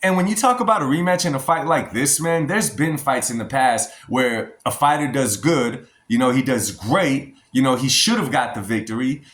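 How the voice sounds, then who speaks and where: An American man talks in a casual, emphatic vlog style and keeps addressing his viewers directly. His voice sits at an ordinary middle pitch. The sound carries a noticeable room echo. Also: lively intonation, normal speed, hardly any pauses, a bit bright. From United States. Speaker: boxing commentary vlogger.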